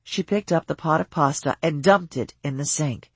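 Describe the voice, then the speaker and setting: An audiobook narrator reading a novel in an even, measured storytelling voice. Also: medium pitch, slightly rough, no room sound.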